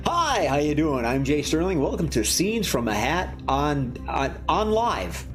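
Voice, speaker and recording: A man's voice: fairly high pitch, sing-song, normal speed, music in the background. Rambling jokey man hosting live improv. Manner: rambling, jokey, many restarts. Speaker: improv show host. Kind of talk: live comedy show hosting. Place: warm indoor studio.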